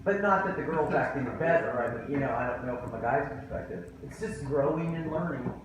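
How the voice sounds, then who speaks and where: A man's voice: medium pitch, a little fast, noisy background. A middle-aged man chatting about his school days in a reflective, conversational way. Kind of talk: casual chat. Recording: echoey room, far from the mic.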